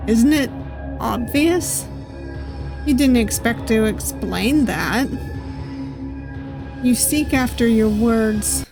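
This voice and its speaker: Unhurried woman streamer reading a game. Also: a little high, darkish tone, no echo. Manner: casual, wry asides between narration. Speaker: VTuber gaming streamer. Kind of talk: reading a visual novel game aloud.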